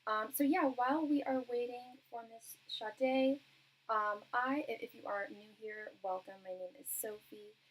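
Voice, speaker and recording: A woman chatty tarot livestream host, husky tone. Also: fairly high pitch, a little slow, poor audio. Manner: chatty and warm toward viewers, frequent ums and light laughs. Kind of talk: casual livestream chat with viewers.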